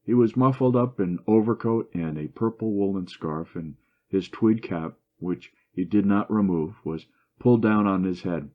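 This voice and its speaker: A man reading a classic short story aloud in steady, even narration. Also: lowish voice, normal speed. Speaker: story reader. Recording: dull lo-fi recording.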